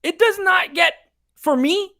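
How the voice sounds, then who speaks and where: A podcast host chatting casually on a live stream, reading viewer picks aloud in a playful, animated way. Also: extremely high pitch, measured pace.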